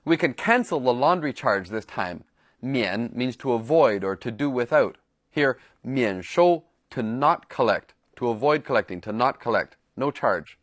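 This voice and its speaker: A man's voice: mid-range voice, animated, measured pace, no echo, clean studio sound. A man teaching a language lesson, explaining words and repeating example phrases in a scripted narration.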